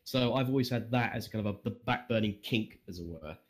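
A man's voice: on the low side, brisk. A young man chatting as a podcast guest, rambling and swearing freely, with self-deprecating jokes. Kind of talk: casual interview chat.

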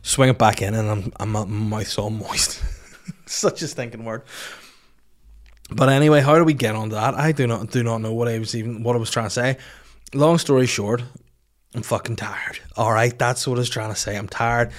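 A man's voice: mid-range voice, normal speed. Man in his thirties, solo podcast host, self-mocking and sweary storyteller. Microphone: studio microphone.

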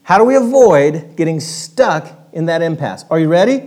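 A male pastor giving a sermon in a church, high-voiced and animated. He coaches the congregation directly, moving between playful asides and earnest, quiet points. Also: moderate pace, few pauses. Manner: animated, interactive, coaching the congregation through gestures.

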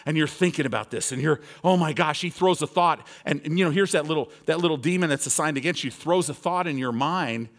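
A man preaching a sermon, emphatic and repetitive, moving between soft lows and loud, raised passages. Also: quick pace, hardly any pauses.

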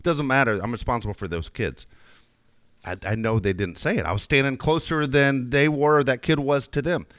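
A man's voice: mid-range voice, moderate pace, a bit bright, clean tone, dry recording, studio quality. A middle-aged man telling a long coaching story in casual chat, rambling with many restarts. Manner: rambling anecdotes with frequent restarts. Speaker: youth baseball coach.

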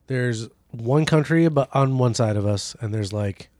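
Deadpan man hosting a comedy news bit. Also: mid-range voice, normal speed, no room sound, studio quality. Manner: deadpan mock-newsreader delivery. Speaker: podcast co-host. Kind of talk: comedic podcast banter.

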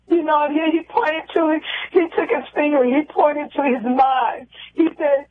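A woman's voice: sits high, steady tone. Heartfelt woman guest on a tinny phone line. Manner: repetitive, halting, heartfelt. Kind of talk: emotional personal storytelling. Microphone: telephone.

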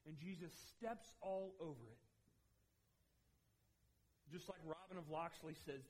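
A man who is a pastor, preaching a sermon and retelling film scenes in an animated storytelling way, speaking directly to the congregation. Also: high-pitched, a little slow, slightly rough, rough recording.

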